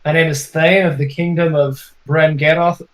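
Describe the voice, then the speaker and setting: A man voicing a gruff, proud male dwarf warrior who speaks in a begrudging, measured way. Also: fairly high pitch, level tone, lightly acted. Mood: stiff.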